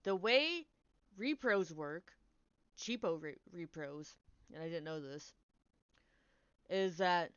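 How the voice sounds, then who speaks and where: A young woman streamer telling a rambling, animated story in casual chat, swearing often and restarting her sentences. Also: lowish voice, clear, resonant tone, dry recording. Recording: dull, lo-fi, dry stream mic.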